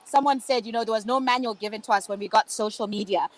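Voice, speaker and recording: A woman's voice: a little high, fast, rough recording. A woman moderating a virtual panel discussion over a video call, speaking in an encouraging, conversational way.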